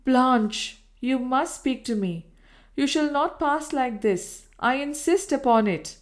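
Woman reading a demanding, insistent gentleman from a period audiobook. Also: high-pitched, animated, slow, voice pushed up. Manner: forceful, demanding. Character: insistent gentleman pressing a former lover.

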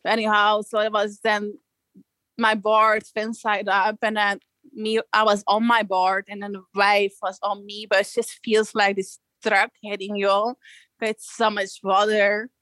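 A young woman from Belgium tells her story in easy, casual conversation, laughing often and putting on little voices for quotes. Her pitch sits mid-range for a woman. The sound is dry and close, with no room around it. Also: flat delivery, a little slow, a bit bright, no echo, poor audio. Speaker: guest surfer.

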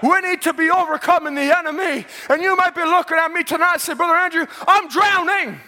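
A man preaching a fervent sermon in church, shouting praise and swinging between loud and soft. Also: extremely high pitch, fairly even intonation, quick pace, big-room sound. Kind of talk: pentecostal sermon. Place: church sanctuary.

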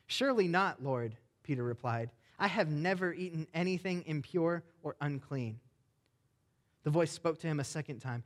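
A young adult man, a pastor, preaching a sermon with animated, emphatic delivery. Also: on the high side.

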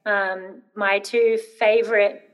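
A woman's voice: mid-range voice, little pitch movement, takes it slowly, dull audio. A woman in her thirties, an interview guest telling a personal story, hesitant with many ums and rambling when nervous.

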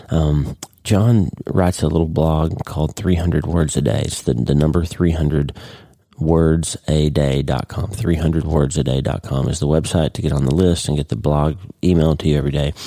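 Brief: middle-aged male podcast host, low mellow voice, unscripted and earnest. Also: no echo. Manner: earnest, off-the-cuff with frequent restarts. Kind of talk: casual unscripted podcast monologue.

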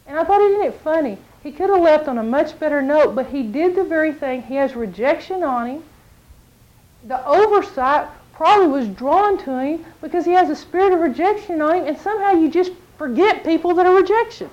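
A woman's voice: high-pitched, brisk, highs cut off. A woman preaching a sermon, telling stories and acting out what people said. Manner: animated storytelling, acts out quotes.

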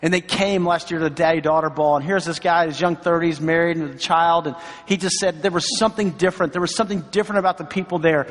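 A middle-aged man preaches to his church, his voice pitched high for a man. He tells stories in an earnest, encouraging way, dropping in asides as he goes. The sound rings with the long reverb of a large sanctuary. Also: steady tone, fast, few pauses. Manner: storytelling, earnest and encouraging, many asides like "right?" and "you know". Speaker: pastor. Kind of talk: sermon.

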